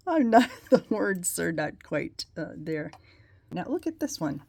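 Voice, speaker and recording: A woman's voice: on the low side, mellow, no echo. A woman hosting a casual nail polish tutorial, chatty and rambling, with self-deprecating asides as she demonstrates.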